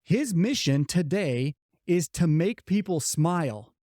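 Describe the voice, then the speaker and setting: A middle-aged man with a mellow voice, a little higher than most, tells a business story earnestly. He leans on his key lines by slowing down. The sound is dry and close to the mic. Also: lively intonation, dry recording. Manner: earnest storyteller, slows down to stress key points. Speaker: podcast co-host. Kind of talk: motivational podcast talk.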